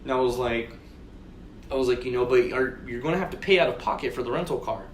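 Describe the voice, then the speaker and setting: A podcast co-host tells a long, rambling story in casual chat, swearing and performing both sides of a conversation he's retelling. He talks fast in a mid-range voice, and the recording has a roomy echo with faint noise.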